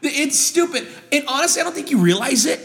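A man's voice: extremely high pitch, expressive, a little fast, vocal fry, a bit bright, big-room sound. A man hosting a podcast alone, ranting with heavy swearing and frequent laughter. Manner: profane, laughing, heated ranting. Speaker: podcast host. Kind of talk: comedic rant podcast.

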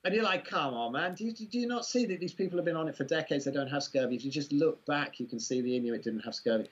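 A man's voice: fairly high pitch, fast talker, husky, muffled recording. An older man with an English accent, chatting casually as an interview guest, rambling with many fillers and restarts in an amused way. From England.

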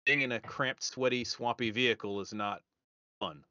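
A man's voice: mid-range voice, moderate pace, pushed and bright, no room sound. A man hosting a podcast, chatting casually and tossing in dry quips. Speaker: podcast host. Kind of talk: casual chat. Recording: dull lo-fi audio.

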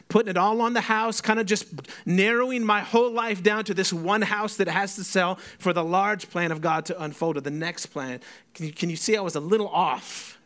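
A man's voice: a little high, a bit bright. A man, preaching a sermon and telling stories with emotion, acting out both sides of conversations. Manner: storytelling, emotional, acts out dialogue. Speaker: pastor.

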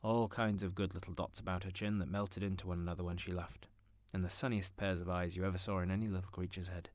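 A man narrating a classic story in an expressive, theatrical manner. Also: low-pitched, fast talker, dry recording. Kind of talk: audiobook narration.

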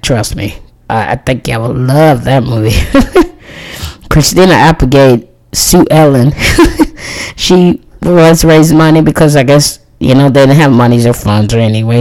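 A woman's voice: rumbling low, darkish tone, poor audio. A woman in her thirties chatting casually as host, reviewing movies in a rambling, friendly way and laughing often. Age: 30s. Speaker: podcast host.

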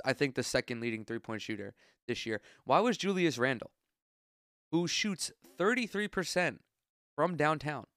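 A man's voice: medium pitch, fairly bright tone, clear, resonant tone, no room sound, clean studio sound. A congested man hosting a solo sports podcast, ranting bluntly and profanely in casual talk. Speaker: podcast host.

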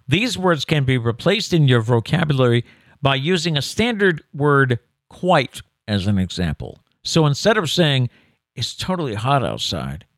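A man's voice: on the high side, dry recording, studio quality. A male co-host chatting casually and reading an article aloud, with a mock-formal emphasis on the words he reads out. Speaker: co-host of a daily news show.

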